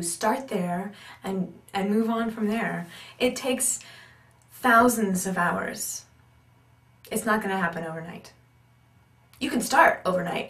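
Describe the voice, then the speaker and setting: A woman teaching about accents and voice work in an animated, emphatic way, repeating her key points. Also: medium pitch, distant mic. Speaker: acting and accent coach. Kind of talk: instructional talk. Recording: roomy echo, speaker off-mic.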